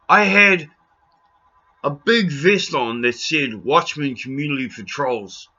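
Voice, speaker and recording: Forceful New Zealand man ranting. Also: a little high, animated, takes it slowly, dull audio. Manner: pleading, blunt, swears freely, raises his voice. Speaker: video blogger. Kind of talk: impassioned rant to camera.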